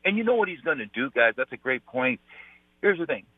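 A man's voice: mid-range voice, big pitch swings, a little fast, slightly rough, dry recording. Emphatic man on a tinny phone line. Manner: emphatic, repeats "I tell you". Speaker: guest, former pro football player. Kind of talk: phone-in sports radio interview.

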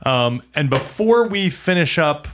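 A man's voice: on the high side, expressive, measured pace, a bit bright. A man co-hosting a casual podcast, wry and teasing, with mock exasperation. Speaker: podcast co-host.

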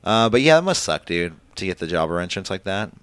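Deep-voiced man rambling through a recap. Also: very animated, fast, a bit bright, clean tone, dry recording. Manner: rambling, filler-heavy, leads the rundown. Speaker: podcast co-host. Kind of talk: casual wrestling recap chat.

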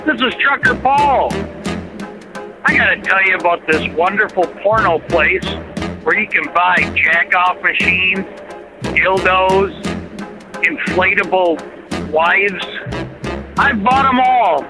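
A man's voice: high-pitched, takes it slowly, pauses often, rough recording. A man voicing a crude, boastful trucker reading a phoned-in ad, with music behind. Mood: lewd, boastful. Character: crude middle-aged male trucker pitchman. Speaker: caller.

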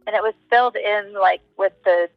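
A woman tells a personal story in a relaxed, thoughtful way. Her sound is dull and lo-fi, dry with no room around it, and faint music plays beneath her. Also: mid-range voice, normal speed, no room sound. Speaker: podcast guest, psychic. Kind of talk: casual storytelling.

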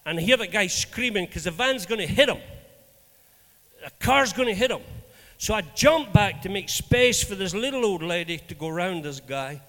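Scottish preacher guy, high voice, lively storytelling sermon, big echoey church hall. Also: normal speed. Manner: animated, acts out dialogue in anecdotes. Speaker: minister.

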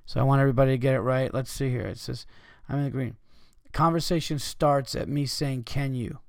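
A man's voice: medium pitch, steady tone, a little fast, gravelly, no echo, studio quality. A man hosting his own podcast, ranting with heavy profanity and reading listener messages aloud. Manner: profane, rambling, fired-up ranting. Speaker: podcast host. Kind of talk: solo podcast rant, reading listener letters.

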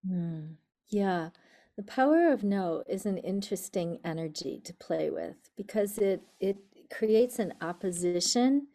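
A woman answers questions as an interview guest and talks in a calm, reflective manner. She speaks very slowly and takes her time between thoughts. Her voice has a mellow, warm tone. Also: medium pitch. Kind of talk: interview conversation.

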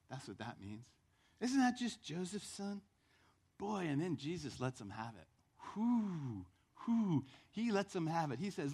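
A male pastor preaching a sermon in church, telling the story with lively acted-out voices. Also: on the high side, measured pace, husky.

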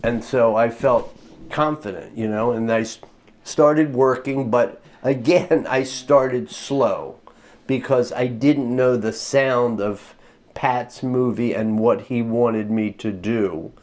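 A man's voice: mid-range voice, slow. A man talks about his orchestration work as an interview guest. He spins casual anecdotes and slips into quoting himself and others with a laugh in his voice. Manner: animated anecdotes, acts out quotes with laughter.

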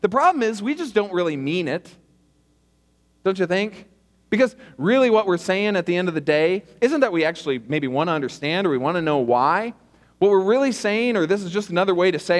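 A man's voice: sits high, animated, moderate pace, pauses often, in a large hall. A man preaching a sermon as pastor, earnest and conversational, often asking the listeners questions. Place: church auditorium.

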